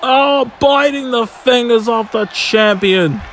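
High-voiced excitable play-by-play man. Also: slow, some chatter behind, slight background noise. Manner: shouts excitedly at big moves. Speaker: video game commentator.

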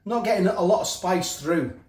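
A man's voice: high voice, normal speed, a little mellow. Middle-aged man, casual food reviewer, rambles, talks while eating, roomy echo. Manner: rambling, repeats himself, talks with mouth full. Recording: echoey room.

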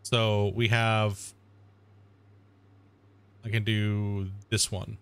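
A man's voice: fairly low pitch, flat delivery, very slow, clear, resonant tone. A man streaming a video game, chatting casually and rambling with lots of fillers at his desk mic. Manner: rambling, laid-back, filler-heavy. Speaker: gaming streamer.

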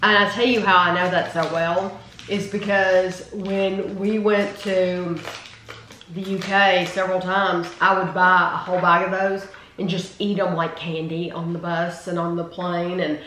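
A woman's voice: lowish voice, level tone, unhurried, fairly bright tone. A woman hosting a casual taste-test video, chatting and rambling with enthusiasm about candy flavors. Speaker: channel host. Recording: roomy with faint noise.

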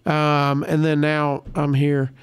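A man's voice: a little high, slow, smooth. A man, a comedian guest, telling stories in casual podcast chat and acting out the people he quotes. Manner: animated storyteller, acts out quotes.

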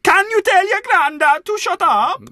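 Guy doing a shouty welsh teen boy, way high and loud, thick welsh accent. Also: expressive, normal speed, no echo, studio quality, full character voice. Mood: shouting. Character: loud angry Welsh teenage boy footballer.

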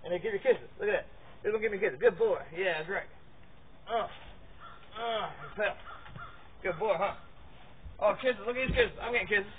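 A man's voice: high-pitched, fast talker, long pauses. A man giving rambling, casual commentary as he handles dogs in a pen outdoors, repeating words and grunting with effort. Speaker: vlogger showing dog handling. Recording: tinny phone-like audio, faint noise.

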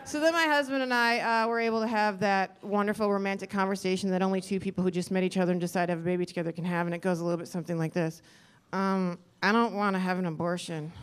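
A woman's voice: medium pitch, fairly even intonation, very fast, smooth, some chatter behind. A middle-aged woman doing a stand-up comedy set on a club stage, rambling and self-deprecating, acting out quotes. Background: audience laughter.

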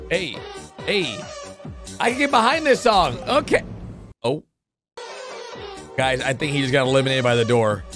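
A man hosting a gaming channel, giving excitable reaction commentary on a video, swinging from low mutters to high yelps.

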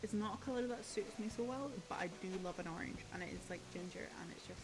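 A young Scottish woman streaming a cozy game, gushing and excitable, often trailing off into fillers. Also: medium pitch, fast talker, noisy background. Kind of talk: casual gaming livestream chat. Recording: game music playing underneath.

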